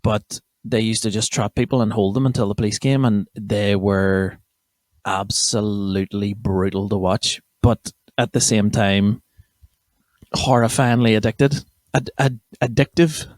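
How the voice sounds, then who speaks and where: A man's voice: lowish voice, fairly even intonation, measured pace, a little mellow, no room sound, clean studio sound. A young man from County Armagh with a Northern Irish accent, hosting a comedy podcast in a rambling, sweary, self-interrupting chat. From County Armagh, Northern Ireland. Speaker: podcast host. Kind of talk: casual comedy monologue.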